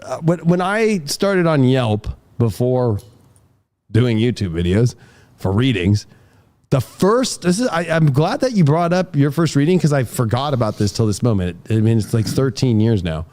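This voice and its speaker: A man's voice: medium pitch, sing-song, normal speed, darkish tone. A man hosting a casual podcast conversation, telling rambling stories with plenty of swearing. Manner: profane, rambling storytelling. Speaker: tarot reader and podcast host.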